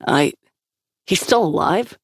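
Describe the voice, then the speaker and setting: A woman's voice: on the low side, lively intonation, takes it slowly, gravelly, breathy edge, no echo, studio quality, full character voice. Resolute undead soldier woman, tense , a woman reading her.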